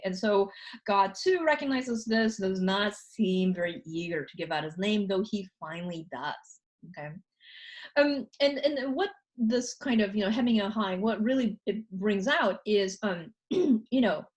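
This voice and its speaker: A woman lecturing a university class in a casual way, often checking in with "okay?" and reading scripture passages aloud quickly. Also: medium pitch. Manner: conversational, frequent "okay?" and "you know" fillers. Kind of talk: recorded college lecture.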